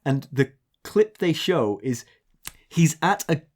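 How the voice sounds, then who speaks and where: A man with an English accent, co-hosting a podcast and telling a long anecdote in casual chat. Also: takes it slowly. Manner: chatty storyteller, animated pitch, mimics accents in quotes. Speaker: podcast co-host.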